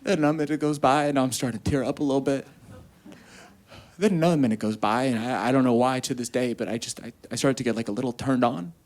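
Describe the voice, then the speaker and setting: A man's voice: mid-range voice, fast, a little mellow, slight background noise. A young man performing stand-up comedy, telling a story and quoting people in put-on voices. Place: comedy venue with a live audience.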